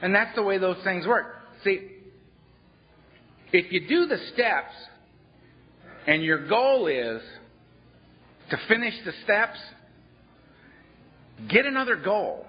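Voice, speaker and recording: Blunt male workshop speaker, animated salty storytelling, higher voice, dull lo-fi workshop tape. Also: slow, pauses often. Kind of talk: storytelling talk. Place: workshop room.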